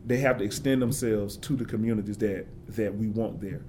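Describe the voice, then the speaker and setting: A man's voice: on the low side, steady tone, fairly quick, a little mellow, slight background noise. A man giving an interview, talking with passion and building points through emphatic repetition. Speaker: forester and interview guest.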